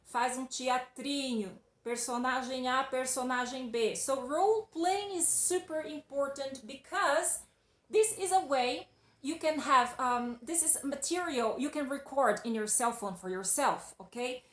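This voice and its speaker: A woman's voice: high-pitched, unhurried, roomy sound. A Brazilian woman with a Portuguese accent, a native Portuguese speaker, giving an emphatic, casual English lesson as a teacher. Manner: emphatic and loud.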